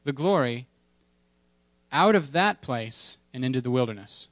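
A man's voice: medium pitch, expressive, measured pace, fairly bright tone, no echo. A man preaching a sermon in a conversational, humorous way, with playful asides and emphatic repetition. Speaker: pastor.

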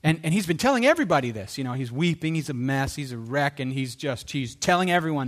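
A male preacher telling a story in a sermon, animated, often dropping to a hushed, earnest tone. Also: fairly high pitch, fast talker.

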